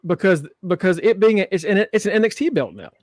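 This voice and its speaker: A man with a high voice co-hosts a wrestling podcast, joking and cursing as he recaps the show. He acts out the wrestlers' lines in quotes. The sound is close and dry, with no room around it. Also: very animated, quick pace, a little mellow, no echo. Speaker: podcast co-host. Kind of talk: casual wrestling chat.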